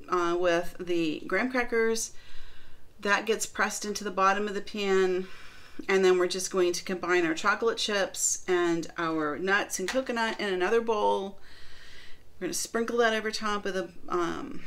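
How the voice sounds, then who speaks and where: A woman's voice: medium pitch, a bit bright, a little hiss or hum. A middle-aged woman from the northern United States, chatting casually through a baking demo and product review with lots of fillers. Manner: chatty, rambling, many fillers. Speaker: baking vlogger.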